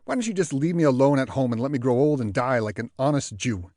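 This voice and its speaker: A man's voice: medium pitch, lively intonation, dry recording, studio quality, lightly acted. Man doing a grumpy old New York jazzman. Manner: loud, grumbling, quick retorts.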